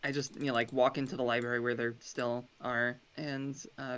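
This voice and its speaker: A player speaks in character during a tabletop game. The voice is mid-pitched, quiet and hesitant, with pauses and fillers along the way. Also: flat delivery.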